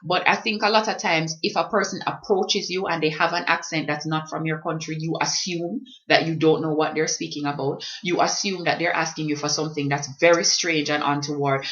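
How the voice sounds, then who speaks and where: A woman's voice: low voice, a bit bright, highs cut off. A woman from Jamaica with a Jamaican accent, talking as a vlogger in an impassioned, emphatic way. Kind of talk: reflective talk on language.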